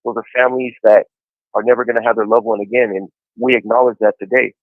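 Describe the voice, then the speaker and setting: This fast-talking man in his forties has a medium pitch and a level tone as he calls in to a podcast from prison. He tells his story casually and easily, with lots of "you know." There's no room sound, just a tinny handset line.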